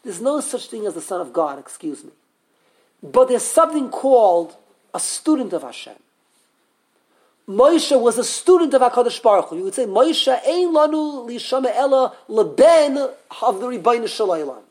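A man teaching a live Torah class, animated and full of questions to the students, often restarting his sentences. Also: high-pitched, moderate pace, slightly rough.

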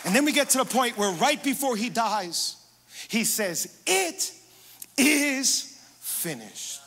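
A man pastor preaching a sermon, emphatic, moving between hushed passages and loud, rising declarations. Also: sits high, lively intonation, moderate pace, in a large hall, some chatter behind, slight background noise.

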